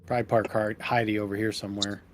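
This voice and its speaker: A man's voice: lowish voice, level tone, fast talker, a little hiss or hum. A man playing a tabletop game who stumbles over and repeats his words. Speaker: player. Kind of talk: casual chat in a tabletop game.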